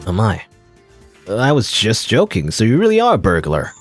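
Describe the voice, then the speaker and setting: A man's voice: fairly low pitch, wildly swooping pitch, moderate pace, dry recording, soft background music. A man voicing a cool, terse young male game hero who speaks in a curt, unimpressed way. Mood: dry.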